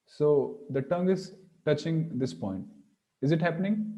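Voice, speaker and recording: A man teaching a pronunciation lesson, slowly demonstrating sounds and repeating syllables. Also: a little high, mellow, highs cut off. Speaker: Sanskrit teacher.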